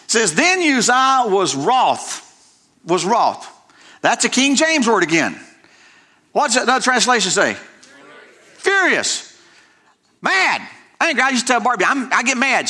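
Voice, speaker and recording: A man's voice: very high-pitched, pushed and bright. A middle-aged male pastor preaching a sermon, emphatic and folksy, repeating phrases and breaking into conversational asides.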